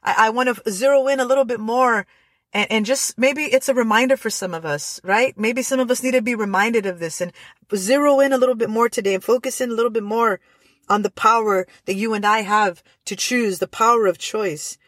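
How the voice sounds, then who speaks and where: A woman's voice: fairly high pitch, fairly quick, a bit bright, no echo. A woman hosting a faith-based motivational podcast, speaking earnestly with frequent restarts and repeated phrases. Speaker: podcast host.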